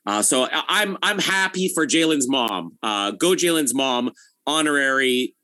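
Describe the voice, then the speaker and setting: Bright, animated man. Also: medium pitch, measured pace. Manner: teasing, laughs a lot. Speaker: co-host. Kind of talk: casual chat.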